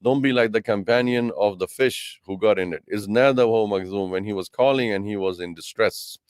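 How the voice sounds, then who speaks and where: A man teaching a Quran tafseer lesson, animated and speaking directly to his brothers and sisters. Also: on the low side, quick pace, smooth, dry recording, studio quality. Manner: animated, acts out quoted voices; addresses listeners as brothers and sisters. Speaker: Islamic teacher.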